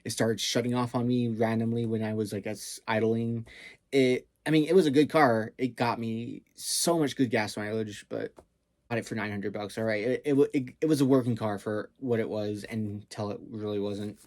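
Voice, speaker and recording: A man's voice: fairly low pitch, steady tone, normal speed, darkish tone, dry recording, studio quality. Man rambling through a wild story. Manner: rambling, lots of fillers and swearing. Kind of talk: casual storytelling.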